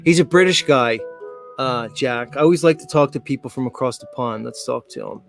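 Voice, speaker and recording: A man's voice: mid-range voice, fairly quick, creaky, faint music behind. A man in his forties hosting a casual live show, rambling with many fillers and frequent laughs. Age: 40s. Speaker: show host.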